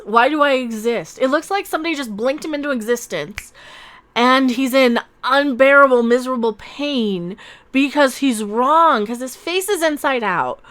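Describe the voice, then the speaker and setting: Her voice sits high as she runs a laid-back livestream on her YouTube channel. She mocks and jeers with frequent laughter, alternating loud bursts with quiet muttering.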